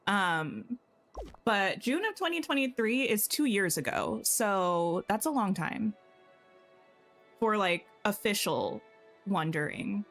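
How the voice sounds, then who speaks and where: A woman's voice: medium pitch, expressive, slow pace, fairly bright tone, soft background music. A woman chatting casually while livestreaming a game, thinking aloud and tossing in playful asides to her viewers. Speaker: game streamer.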